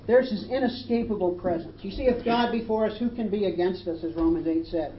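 A woman's voice: mid-range voice, moderate pace. A woman preaching a sermon, building emphasis and lifting her voice when quoting scripture. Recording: roomy, dull, faint hiss.

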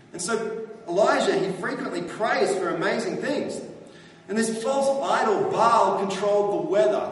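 High-voiced man preaching in an echoey hall. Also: distant mic, slight background noise. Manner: conversational, asks the congregation questions. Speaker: pastor. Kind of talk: sermon.

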